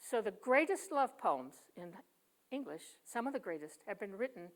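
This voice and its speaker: A woman poet giving a sermon at a church service. She tells stories emphatically, swinging from loud to hushed and leaning on rhythmic repetition. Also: medium pitch, very animated, moderate pace. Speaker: guest speaker and poet.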